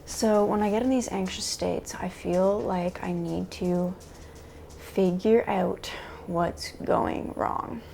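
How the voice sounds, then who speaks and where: A woman vlogging a confessional self-talk monologue to camera, halting and searching for words with many restarts. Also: fairly low pitch, fairly even intonation, gravelly, warm tone, a little hiss or hum. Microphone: camera mic.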